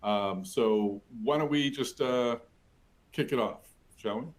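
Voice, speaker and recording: A man's voice: mid-range voice, slow pace. A man hosting a virtual industry talk, chatty and self-deprecating, with many fillers. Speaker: webinar host.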